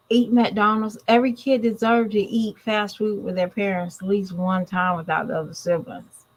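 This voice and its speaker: A woman in her thirties talks with a drawl in a casual commentary vlog. She speaks plainly and bluntly to her viewers and scolds them without softening it. Her voice sits at an ordinary middle pitch. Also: poor audio. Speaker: commentary vlogger.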